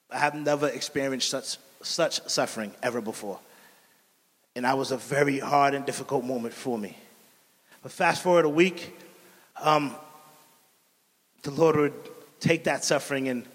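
A man preaches his personal testimony with earnest storytelling, his voice sitting slightly high. He sinks soft and quiet on his key lines. His voice carries a long reverb, like a large hall. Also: steady tone, normal speed, pauses often. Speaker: missionary giving a testimony.

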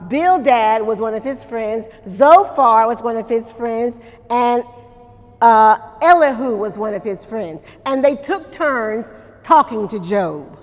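A woman's voice: fairly high pitch, big-room sound. A woman pastor preaching a sermon in church, talking conversationally, repeating words and asking the congregation questions. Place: church during a service.

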